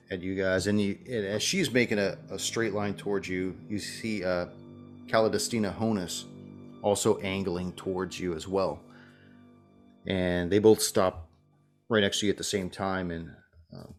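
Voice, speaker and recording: Deep-voiced male game master. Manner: casual, descriptive. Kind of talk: narrating a tabletop game.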